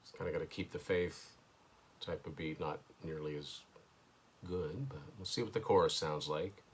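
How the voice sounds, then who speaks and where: A man's voice: a bass voice, normal speed, husky. A man hosting his own show, casually thinking aloud through a first listen of an album, hesitant and with dry asides, at home indoors. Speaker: host.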